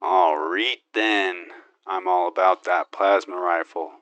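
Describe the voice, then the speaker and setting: A man's voice: sits low, fairly even intonation, slow pace, a bit bright, smooth, no echo. A man voicing a cocky, gun-loving male space marine hero who brags, wisecracks and makes his own gun sound effects in an in-character game monologue.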